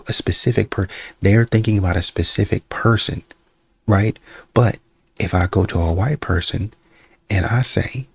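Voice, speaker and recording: A man with a low, gravelly, slightly husky voice talks straight to his viewers in loose, casual commentary. He sometimes drops into quick impressions to quote people. The sound is dry and close, with little room around it. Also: a little mellow, no room sound. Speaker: reaction video host.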